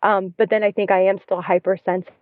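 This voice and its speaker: A woman's voice: medium pitch, little pitch movement, quick pace, no echo. A woman in her thirties, a guest in casual conversation, talking in a chatty way with many fillers and restarts, recorded from her car. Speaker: podcast guest, parent. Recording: tinny phone-line sound.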